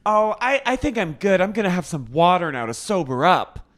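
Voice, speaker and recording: A man's voice: high voice, very animated, moderate pace, a bit bright, pitched above the performer's own voice. A man voicing a prim, hesitant middle-aged woman who nervously turns down more wine, with fluttering little gasps.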